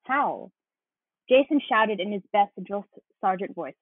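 A woman co-hosting a book podcast, reading a passage aloud and chatting, giggly and animated. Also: medium pitch, a little slow, slightly rough, no room sound. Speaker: podcast co-host. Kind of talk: casual chat and reading aloud. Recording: tinny phone-like line.

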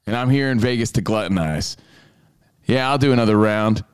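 A man's voice: fairly low pitch, fairly quick, clean tone, dry recording, studio quality. Crude, joking male host. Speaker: show host. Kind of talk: casual chat. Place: hotel in Las Vegas.

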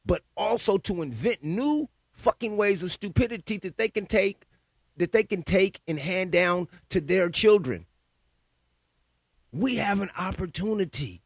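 Alone and getting more worked up, a husky-voiced man with a high-sitting pitch rants profanely about conspiracies, saying the same things over and over. There's no room sound on the recording.

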